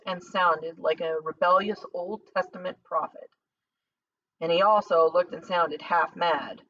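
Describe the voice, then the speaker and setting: A woman narrating a novel as an audiobook, in a measured, dramatic reading. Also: on the low side, steady tone, fairly bright tone. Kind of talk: scripted narration. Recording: slightly distant dull lo-fi recording.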